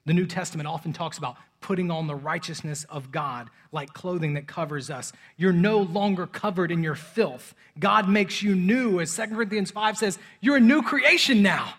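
A man in his thirties preaching a sermon, swinging between loud urgency and soft, hushed moments. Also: sits high, moderate pace, few pauses. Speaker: pastor.

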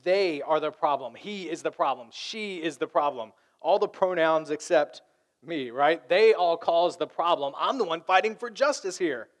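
A man pastor preaching a lively sermon, acting out the voices of arguing people. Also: fairly high pitch, moderate pace.

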